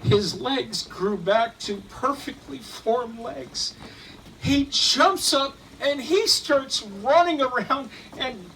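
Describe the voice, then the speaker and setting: A man retelling a story in the first person as an eyewitness, halting at times and repeating words. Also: extremely high pitch, lively intonation, pushed and bright, a little hiss or hum. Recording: distant mic, faint room ambience.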